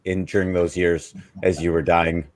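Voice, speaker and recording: A man hosting an interview, asking halting questions and giving brief affirmations. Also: sits low, little pitch movement. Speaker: host. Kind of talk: casual interview.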